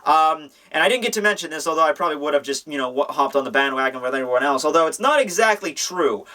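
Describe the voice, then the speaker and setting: Brief: sarcastic, rambling male manga reviewer, bright tone, a bit high. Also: expressive, quick pace. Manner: rambling, sarcastic, filler-heavy. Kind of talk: casual comic review.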